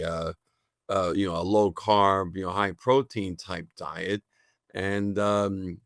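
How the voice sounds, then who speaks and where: Man, low gravelly voice, halting speech full of fillers, dry close sound. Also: fairly bright tone, no echo. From United States. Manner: halting, many fillers and restarts. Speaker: guest, natural health college founder. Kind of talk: casual radio interview.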